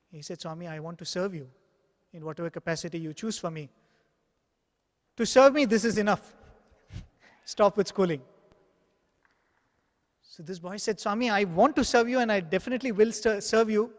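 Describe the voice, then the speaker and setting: High-voiced man, reverberant hall. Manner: earnest, acts out dialogue in anecdotes. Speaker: spiritual speaker. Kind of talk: devotional talk with storytelling.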